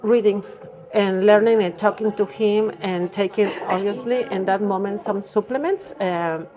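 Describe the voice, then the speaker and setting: A woman's voice: mid-range voice, normal speed. Reflective middle-aged woman from Mexico. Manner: reflective, non-native English phrasing. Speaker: guest. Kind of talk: podcast interview.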